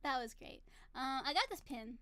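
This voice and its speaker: A woman's voice: sits high, sing-song, moderate pace, sharp tone, clean tone, no room sound. A woman in her thirties chatting casually to camera, telling a story in a bubbly, giggly, gushing way. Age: 30s. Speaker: vlogger. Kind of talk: casual chat.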